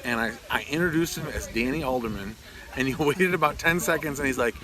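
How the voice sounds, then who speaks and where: A man's voice: medium pitch, a little fast, crowd noise. A man in his thirties vlogging casually outdoors, chatting with his animals, his viewers and friends. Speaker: homesteading vlogger. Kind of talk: casual vlog chat. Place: outdoors at a farm gathering. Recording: outdoor noise in the background.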